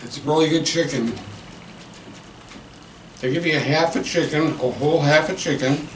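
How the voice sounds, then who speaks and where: A man reviews fast food in a loose, joking way, with a slightly raised voice. He sounds distant in an echoey room with noticeable background noise. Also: on the high side. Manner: joking, rambling. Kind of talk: casual food review chat.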